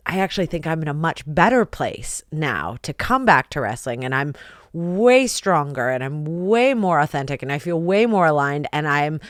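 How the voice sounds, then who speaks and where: A woman's voice: low-pitched, big pitch swings, normal speed, dry recording, clean studio sound. A woman hosting a podcast, a pro wrestler speaking openly and candidly, swearing casually.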